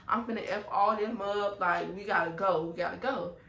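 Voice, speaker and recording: A woman's voice: mid-range voice, moderate pace, a bit bright, far from the mic, lightly acted. A woman voicing an angry, demanding drunk woman in her fifties, in an echoey room.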